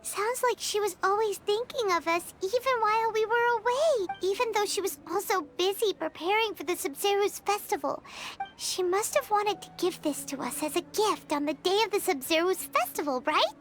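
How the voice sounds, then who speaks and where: A woman's voice: very high voice, animated, moderate pace. A woman voicing a tiny, chatty floating companion sprite in a video game, who talks about herself by name. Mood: lively. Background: game music.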